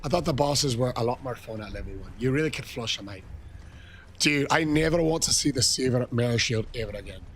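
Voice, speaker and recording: A man livestreaming a game, reading chat and bursting into shouted greetings between casual muttering. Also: medium pitch, lively intonation, fairly quick, a little hiss or hum. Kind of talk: excited live-stream chat.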